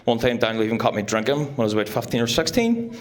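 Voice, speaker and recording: A man's voice: medium pitch, big pitch swings, quick pace. A young man giving a joking, teasing best man speech at a wedding. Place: wedding reception room.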